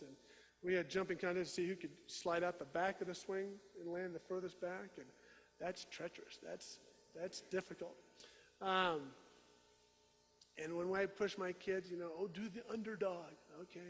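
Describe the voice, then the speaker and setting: A middle-aged male pastor preaching a sermon, telling stories with animated swings from loud to hushed. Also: high-pitched. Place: church sanctuary. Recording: reverberant church sanctuary.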